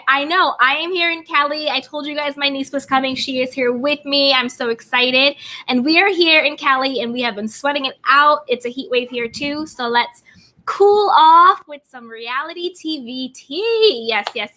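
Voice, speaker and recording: A woman's voice: sits high, fairly even intonation, normal speed, bright, forceful tone. A woman hosting a live stream, chatting about reality TV in a bubbly way and greeting viewers by name. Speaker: YouTube host. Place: California home.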